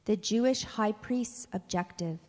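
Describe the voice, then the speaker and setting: A woman reading a scripture passage aloud in an even, unhurried way. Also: medium pitch, in a large hall. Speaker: scripture reader.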